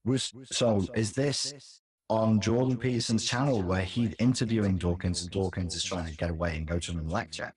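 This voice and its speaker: Emphatic, low-voiced man in his forties. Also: a little fast, a little mellow. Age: 40s. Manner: opinionated and emphatic, repeats words for stress. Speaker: guest commentator, former teacher. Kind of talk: conversational commentary.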